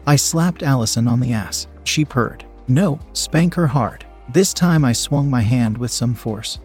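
A man narrating a first-person story in a steady, frank way. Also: medium pitch, normal speed, soft background music.

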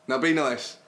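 A man hosting a casual podcast, teasing his co-host and laughing often. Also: fairly bright tone. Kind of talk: casual banter.

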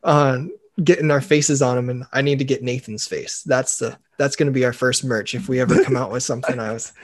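A man's voice: mid-range voice, fairly even intonation, brisk. A man co-hosting a podcast, chatting in an easygoing way. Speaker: podcast co-host. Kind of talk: casual chat.

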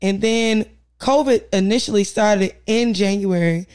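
A woman co-hosting a casual chat, lively and joking, quick to laugh. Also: medium pitch, clean tone. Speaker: podcast co-host.

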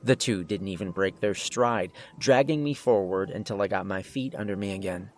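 A man's voice: lowish voice, normal speed, darkish tone, slight background noise. A man narrating a first-person horror story in a tense, scripted way.

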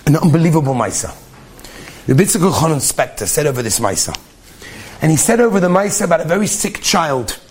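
A man's voice: high voice, breathy edge. A man telling a story with a lesson in an earnest, emphatic way, often repeating himself.

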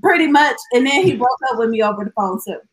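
A woman's voice: fairly high pitch, expressive, fast, low-quality recording. A woman co-hosting a podcast in casual chat, often laughing as she talks. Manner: laughs a lot while talking. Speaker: podcast co-host.

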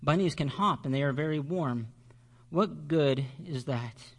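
A man doing a gentle, wise old wolf. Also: a little high. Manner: slow, gentle, deliberate. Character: great silver male wolf, gentle and wise.

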